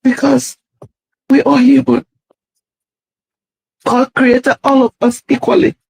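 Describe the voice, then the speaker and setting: A woman's voice: high voice, flat delivery, takes it slowly, creaky, darkish tone, slightly rough, no room sound, rough recording. A woman making a tearful, pleading apology video, played inside a commentary.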